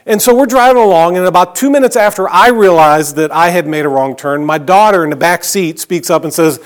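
A man's voice: sits high, brisk, few pauses. Man preaching a conversational sermon. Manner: conversational storytelling, drops to a soft hush on key phrases. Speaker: pastor.

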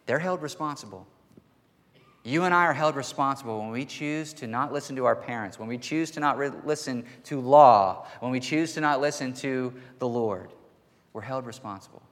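A man preaching a sermon to his church in an earnest voice that rises to forceful emphasis. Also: medium pitch. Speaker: pastor. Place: church sanctuary. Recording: long hall reverb.

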